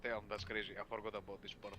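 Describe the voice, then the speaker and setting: A man's voice: on the low side, level tone, fast. A man playing in a tabletop game, chatting casually and offhandedly. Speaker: player. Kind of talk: casual chat. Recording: noisy, distant online call audio.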